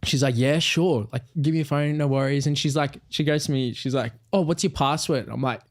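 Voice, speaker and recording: A man's voice: mid-range voice, fairly even intonation, fairly quick. A young man, a podcast co-host telling a story casually and animatedly, acting out quoted voices.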